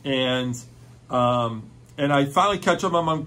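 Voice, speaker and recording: A man telling a personal faith testimony in an excited, storytelling way, full of "like" fillers. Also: medium pitch, measured pace.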